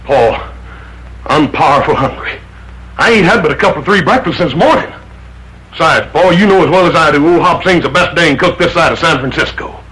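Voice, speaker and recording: A big, easygoing ranch son with a higher voice that swings up and down as he talks. He speaks in folksy frontier slang and sounds good-natured. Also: animated, a little fast, bright, forceful tone, poor audio.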